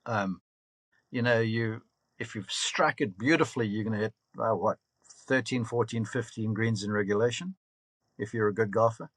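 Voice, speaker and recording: A man in his fifties, a golf coach and broadcaster, telling lively anecdotes and laughing often in a casual podcast interview. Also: on the low side, normal speed, no room sound. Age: 50s.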